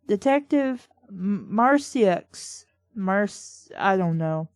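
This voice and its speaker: A woman's voice: medium pitch, expressive, a little slow, darkish tone, no echo. Exasperated, sarcastic woman reviewing a book. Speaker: book reviewer reading aloud. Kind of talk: sarcastic book-reading commentary.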